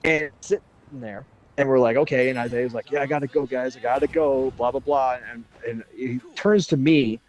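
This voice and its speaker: A man telling a story in animated, casual chat, swearing and laughing as he goes. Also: mid-range voice, brisk, low-quality recording. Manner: excitable, swears and laughs a lot. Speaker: podcast panelist.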